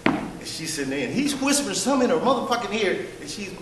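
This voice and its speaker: A man's voice: high-pitched, sing-song, fast. Man, stand-up comic, profane, brash, distant mic, faint background hiss. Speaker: comedian in a workshop. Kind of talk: stand-up set. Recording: echoey room, distant mic.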